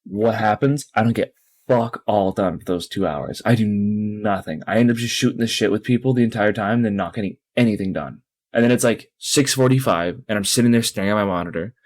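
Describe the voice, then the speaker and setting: A man's voice: fairly low pitch, a little fast. A young man co-hosting a podcast, telling a rambling, tired story with lots of swearing. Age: young adult. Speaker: podcast co-host. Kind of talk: casual podcast chat.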